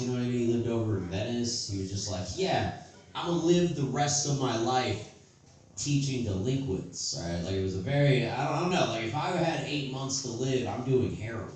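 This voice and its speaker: A man's voice: medium pitch, a little mellow. A man doing a loose, rambling stand-up set at an open mic, with crude, self-mocking jokes. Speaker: stand-up comedian. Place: comedy stage. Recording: echoey room from far off.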